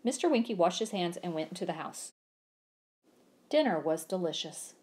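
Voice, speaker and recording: Woman, storybook reading, animated, sound effects acted out, lively pitch. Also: normal speed.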